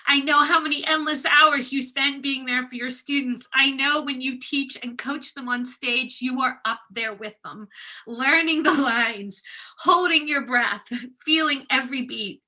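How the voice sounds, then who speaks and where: A bright, vivid woman's voice, a little higher than most, in a heartfelt acceptance speech. She is choked up, pausing now and then with soft laughs as she thanks teachers and students. The tone stays warm and sincere throughout. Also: low-quality recording. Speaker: educator receiving an award.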